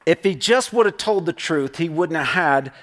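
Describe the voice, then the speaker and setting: A middle-aged male pastor with a slightly high voice and lively intonation preaches in a conversational, storytelling style. He checks in with the congregation often, using a quick "right?".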